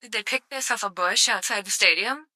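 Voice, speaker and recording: A woman's voice: medium pitch, brisk, bright, forceful tone, no echo. A woman live-streaming casual commentary, sarcastic and swearing freely with mock outrage.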